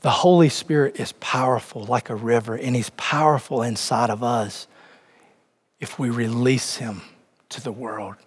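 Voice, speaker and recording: A man's voice: mid-range voice, fairly even intonation, unhurried, husky. A man preaching a sermon, reading scripture and speaking directly to the congregation with rising emphasis. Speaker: pastor. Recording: long hall reverb.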